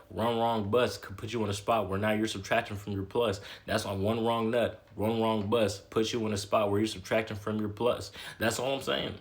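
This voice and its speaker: A man giving a blunt, slangy motivational talk, repeating himself and tagging lines with "okay?". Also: lowish voice. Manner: repetitive, emphatic, keeps adding "okay?". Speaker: motivational talker. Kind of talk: casual motivational monologue.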